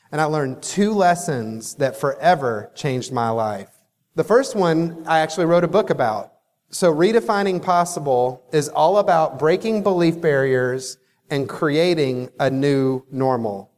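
A man delivering a motivational keynote to a sales crowd, his voice sitting a little higher than most men's. He tells his story with animated energy, playing out the back-and-forth of old phone calls. The sound carries a long trailing reverb from a large hall. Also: normal speed. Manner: animated storyteller who acts out phone dialogue. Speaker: company CEO giving a sales keynote.

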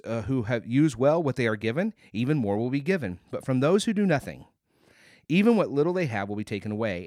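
Male podcast host, earnest casual Bible teacher, mid pitch, dry close recording. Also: darkish tone, no room sound. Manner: earnest, many restarts and fillers, rising to emphatic.

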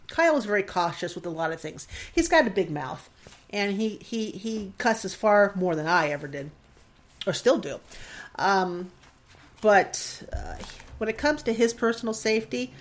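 A woman in her forties hosting a solo podcast, talking in a rambling, emotional and self-deprecating way with frequent laughs. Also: medium pitch. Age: 40s. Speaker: podcast host. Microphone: desk mic in front of a screen.

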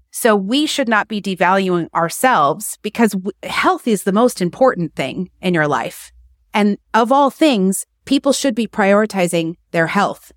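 A woman speaking bluntly and with emphasis, laughing now and then at herself. She talks at a middle pitch, recorded close and dry with no room sound. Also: no echo. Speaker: podcast guest, acupuncture practice owner. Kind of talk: candid interview talk.

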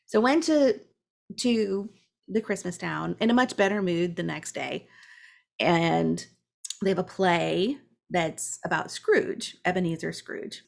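Woman, podcast co-host, casual storytelling, animated, creaky voice. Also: mid-range voice. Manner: chatty, animated, frequent "like" fillers.

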